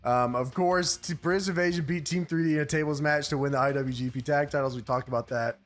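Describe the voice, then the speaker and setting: A man's voice: on the high side, steady tone, fast, soft background music. A man co-hosting a casual wrestling recap podcast, laughing often and swearing as he narrates matches. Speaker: podcast co-host.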